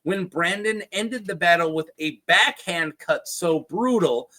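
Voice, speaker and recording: Brief: high-pitched male lore host, casual and chatty, cracks jokes and puts on quick voices. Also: bright, forceful tone. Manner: chatty, jokey asides with put-on quote voices.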